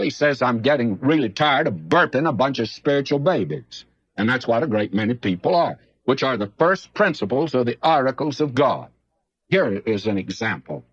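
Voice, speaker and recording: A man's voice: mid-range voice, slightly rough, dry recording, dull audio. An older man teaching the Bible in a folksy, emphatic way, like an old radio preacher.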